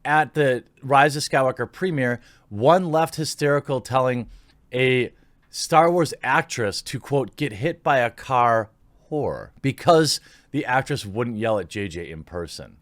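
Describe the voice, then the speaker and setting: A man's voice: medium pitch, unhurried, no room sound. A man giving opinionated commentary, sarcastic and indignant, reading posts aloud and reacting to them.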